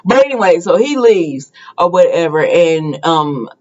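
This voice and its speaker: A woman's voice: on the low side, big pitch swings, a little slow, darkish tone, highs cut off. A woman casually recapping a soap opera episode in a chatty, gossipy way, full of fillers.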